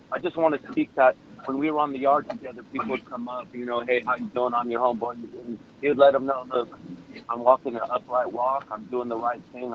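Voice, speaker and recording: A man's voice: medium pitch, lo-fi sound, slight background noise. A man giving an emotional, earnest statement of support at a parole hearing, speaking by phone. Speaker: public commenter at parole hearing.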